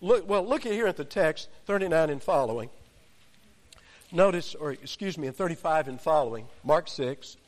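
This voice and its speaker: A man preaching an expository sermon in an animated, conversational way, with joking asides. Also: a little high, normal speed, big-room sound.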